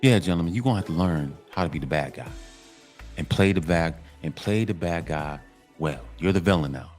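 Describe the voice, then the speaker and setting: A man's voice: low voice, lively intonation, fairly quick, faint music behind. A man delivering a casual monologue to other men, emphatic and repetitive, in a preachy tone. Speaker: commentary channel host.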